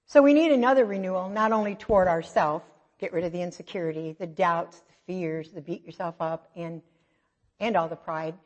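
A woman's voice: on the low side, fairly quick. Chatty middle-aged woman preaching in a hall. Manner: chatty, self-mocking storytelling with lively asides. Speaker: church speaker. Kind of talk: conversational sermon. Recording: dull, echoey hall recording.

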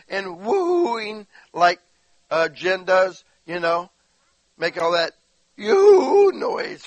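A man's voice: high-pitched, no echo, poor audio. A man preaching a sermon, telling stories in a conversational way and acting out the quotes, often asking the listeners questions. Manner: animated storytelling, acts out quotes; conversational, addresses listeners directly. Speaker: pastor.

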